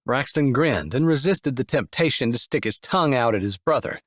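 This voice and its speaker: A man narrates an audiobook in a mid-pitched voice that rises and falls with a lot of life. The recording is close and dry, with no room sound. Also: lively intonation, normal speed, no room sound. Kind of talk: scripted narration.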